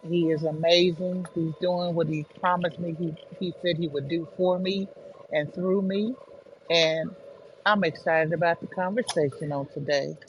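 A man from Northwest Ohio co-hosting a podcast, giving an upbeat, steady morning check-in over a remote connection. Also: fairly high pitch, a little slow, lo-fi sound, a little hiss or hum. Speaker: podcast co-host, elder.

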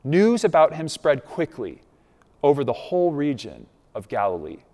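A man's voice: on the high side, sing-song, moderate pace, darkish tone. A man preaching a sermon as a pastor, in a conversational way, checking in with the congregation. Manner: conversational, asks the congregation "right?". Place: church sanctuary. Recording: long reverb of a large hall.

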